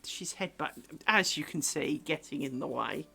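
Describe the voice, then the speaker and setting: With a low-sitting, bright and forceful voice marked by vocal fry, a woman speaks a little slowly while live-streaming crafts from her home craft room. Using a desk microphone, she chats casually and wryly, teasing herself and talking to her pets.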